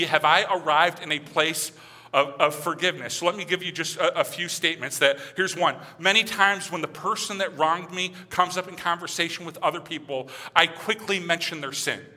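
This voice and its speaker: A man preaching a sermon in a conversational way, reading scripture aloud and dropping to quiet, hushed passages. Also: fairly high pitch. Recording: hall reverb.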